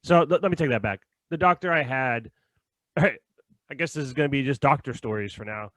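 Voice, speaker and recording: A young man in casual podcast chat who tells stories with a laugh and acts out the lines of others. His pitch sits in the middle of the range. The room sounds dry and close. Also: fairly quick, fairly bright tone, dry recording. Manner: storytelling, laughs often, acts out quotes. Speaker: podcast co-host.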